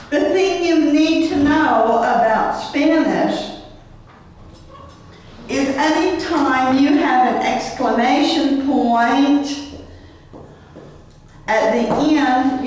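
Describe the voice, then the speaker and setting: A woman's voice: sits high, darkish tone, slight background noise. A woman teaching a Spanish class, patiently modeling words and having the class repeat them. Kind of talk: classroom language lesson. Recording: echoey room, mic far off.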